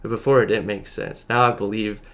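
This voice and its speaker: A man speaking as a podcast guest, telling a personal faith testimony in casual conversation. He is earnest and halting, full of filler words, and at times close to tears. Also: lowish voice, fairly even intonation.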